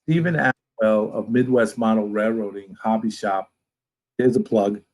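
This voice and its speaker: Animated New York man, rambling. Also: fairly low pitch, measured pace, poor audio. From Brooklyn, New York. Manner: rambling, animated, talks with his hands. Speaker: interview guest. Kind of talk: casual interview chat.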